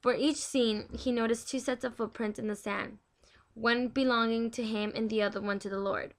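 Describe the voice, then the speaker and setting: A woman's voice: a little high, steady tone, normal speed. A young woman in a casual devotional reading, chatty and stumbling over words as she reads aloud. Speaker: devotional video host.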